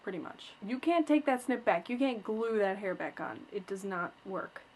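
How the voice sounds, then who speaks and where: A woman's voice: mid-range voice, animated, normal speed, a little mellow, a little hiss or hum. A teenage girl telling a story in a casual vlog, chatty and exasperated, full of "like" and acted-out quotes. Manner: chatty, retells scenes with quoted voices, lots of "like"; exasperated, complaining. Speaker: vlogger.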